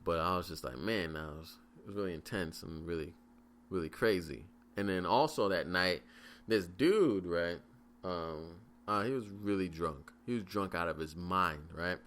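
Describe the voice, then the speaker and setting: A man's voice: low-pitched, normal speed, fairly bright tone. A man in his twenties hosting a casual solo podcast, telling stories in a rambling, profane way full of fillers and restarts. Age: 20s. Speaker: podcast host.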